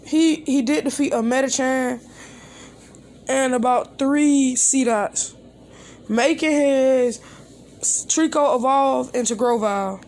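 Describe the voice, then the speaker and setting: A woman's voice: high voice, takes it slowly, pauses often, a little mellow, a little hiss or hum. Woman rambling through a fan story. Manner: rambling, with restarts and quoted dialogue. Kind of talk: improvised retelling of a fan story.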